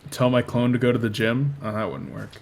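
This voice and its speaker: A man's voice: medium pitch, fairly quick, gravelly. A young man casting a video game match with a co-host, chatty and joking, rambling off topic. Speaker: game commentator. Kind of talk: casual esports commentary.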